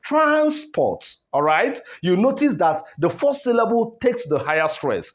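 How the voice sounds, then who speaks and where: A man's voice: high voice, big pitch swings, normal speed. A man teaching word stress, asking rhetorical questions and repeating words to contrast the stress. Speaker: English teacher. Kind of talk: classroom lesson on word stress.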